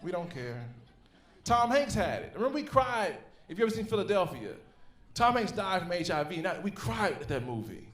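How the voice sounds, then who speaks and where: Man in his thirties, stand-up comic, lively swooping delivery, slightly high voice, roomy club sound. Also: brisk. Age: 30s. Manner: profane, animated storytelling with laughs. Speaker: stand-up comedian. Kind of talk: stand-up comedy set. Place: comedy club theater stage.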